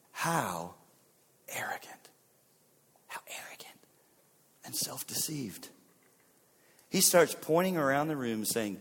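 Pastor guy preaching, slightly high voice, big swings loud to hushed, sounds like a big hall. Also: animated, takes it slowly, long pauses. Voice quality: dramatic, voicing biblical figures with wide swings in pitch and loudness. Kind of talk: sermon.

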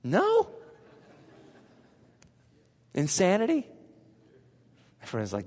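Male pastor, slightly high voice, animated sermon delivery with questions to the congregation, long hall reverb. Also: measured pace. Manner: animated, asks the congregation questions, swings from hushed to loud.

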